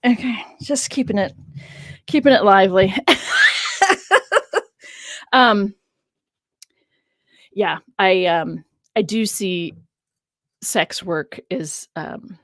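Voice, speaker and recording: A woman scholar teaching on a casual livestream, thinking out loud and laughing often as she goes. Her voice sits at a middle pitch, and it is recorded close and dry with no room sound. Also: slow, pauses often, no room sound. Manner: musing aloud, laughing often, stresses words. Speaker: biblical scholar hosting a livestream.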